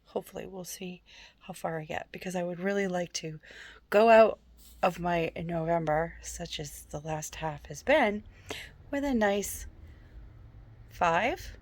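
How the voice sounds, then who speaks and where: A woman chatting casually at home in a book vlog, soft-spoken and often half-whispering. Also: on the low side, vocal fry. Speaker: book vlogger.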